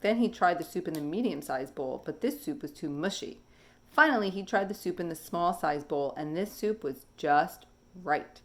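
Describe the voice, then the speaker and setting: Woman slowly reading a picture book aloud. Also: on the low side. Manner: slow, expressive storybook reading. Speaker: teacher.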